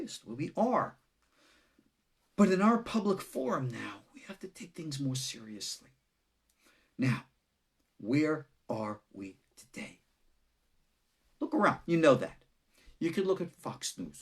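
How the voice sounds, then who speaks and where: This rabbi's voice is high and a bit bright, carrying a Long Island New York accent. His teaching is unscripted and jokey, with dramatic turns and bursts of laughter.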